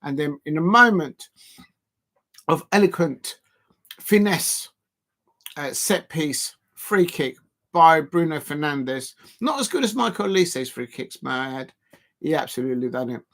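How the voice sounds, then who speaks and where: Hosting a laid-back football watch-along, this man rambles, chats and laughs often while lifting weights. His voice sits a little high and sounds slightly bright and expressive, moving at a measured pace in this casual live-stream commentary.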